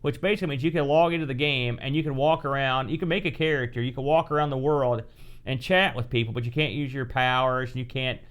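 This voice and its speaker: A man's voice: medium pitch, fairly even intonation, fast talker, fairly bright tone, clear, resonant tone. A middle-aged man co-hosting a casual retro gaming chat, rambling and correcting himself as he talks. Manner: rambling, self-correcting, chatty. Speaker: podcast co-host.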